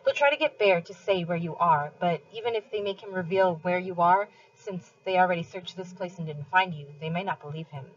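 A worn-out, grieving older widow who keeps a tavern speaks low, faint and weary with a slight lisp, as a woman reads her in a storybook. Her voice is husky and fairly low. The recording is muffled and lo-fi. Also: a little fast, few pauses.

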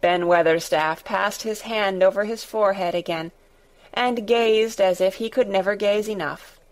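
A woman narrating a storybook in a deliberate, expressive reading. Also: mid-range voice, poor audio. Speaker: audiobook narrator.

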